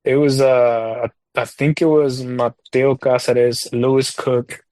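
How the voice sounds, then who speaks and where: A man talking as a podcast guest in a casual chat, rambling through a story with lots of fillers and getting animated over his frustrations. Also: medium pitch, slow, dry recording. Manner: animated when recalling frustrations.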